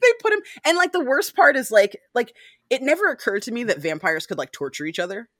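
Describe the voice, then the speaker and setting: Woman podcaster gabbing about a book, bright tone, swears a bunch, dry close mic. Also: on the high side, lively intonation, no room sound. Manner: swears a lot, acts out characters in quick asides. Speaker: podcast co-host. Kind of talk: casual book chat.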